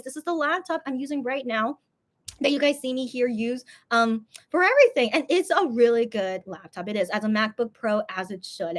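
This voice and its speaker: A young adult woman hosting a casual livestream, telling a story in an animated way, full of fillers and repeated words. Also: fairly high pitch. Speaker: livestream host. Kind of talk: casual live-stream chat.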